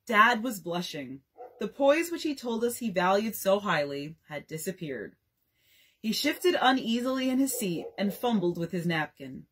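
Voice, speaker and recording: Lively, breathy woman reading a bedtime story. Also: medium pitch, normal speed. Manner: expressive, reads dialogue in varied voices. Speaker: librarian.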